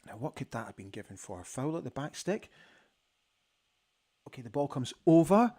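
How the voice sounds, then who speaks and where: A Scottish man hosting a live football watch-along from a studio, reacting excitedly to the play and chatting about viewers' comments. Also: medium pitch, normal speed.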